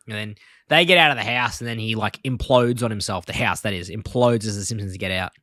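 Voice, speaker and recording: A man's voice: on the low side, fairly quick, pushed and bright, no echo, clean studio sound. Rambling male podcast host. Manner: rambling, lots of fillers and laughter. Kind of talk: casual chat.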